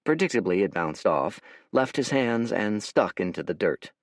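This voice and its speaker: A man narrating an audiobook in a wry, animated storytelling manner, recorded close to the mic. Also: fairly low pitch, moderate pace, no room sound. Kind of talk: scripted narration.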